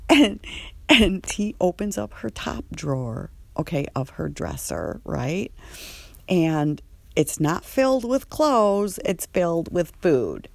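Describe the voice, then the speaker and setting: A woman tells a personal story slowly and chattily, in a lowish voice. She laughs often, fills pauses with um and sometimes drops to a whisper, and the sound is dry and close. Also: very animated, gravelly, darkish tone, dry recording. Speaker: former treatment patient telling her story.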